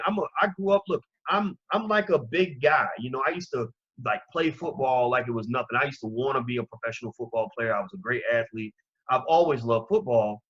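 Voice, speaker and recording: A man delivers fiery opinion commentary, preaching straight at his listeners. His voice is husky and a little breathy. The recording sounds dull and lo-fi. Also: medium pitch, a bit bright. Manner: impassioned, preaching, direct address to listeners. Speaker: commentary channel host.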